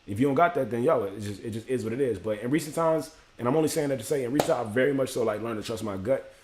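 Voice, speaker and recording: A man's voice: mid-range voice, very fast, noisy background. A man talking casually on a livestream, giving a motivational monologue and acting out the voices. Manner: animated, acts out inner voices with slang. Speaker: livestream host. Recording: echoey room.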